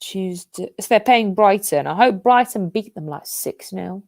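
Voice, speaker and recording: A woman's voice: mid-range voice, lively intonation, a little slow, darkish tone, no echo, studio quality. A young woman co-hosting a football watch-along, ranting and swearing at the match. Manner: swearing, explosive outbursts at the match. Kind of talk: live watch-along chat.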